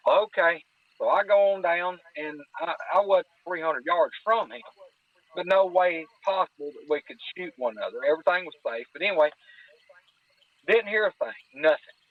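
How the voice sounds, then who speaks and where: A man's voice: sits high, normal speed, dry recording. A man telling a hunting story in a folksy way, often repeating "I said" as he recounts conversations. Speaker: podcast guest telling hunting stories. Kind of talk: casual storytelling. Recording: dry, tinny phone-line sound.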